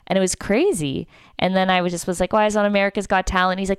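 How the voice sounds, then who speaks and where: A woman's voice: fairly low pitch, fast, clean tone, no echo, clean studio sound. A young woman from Canada, a comedian casually telling a story on a podcast and acting out what people said. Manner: animated, acts out quotes.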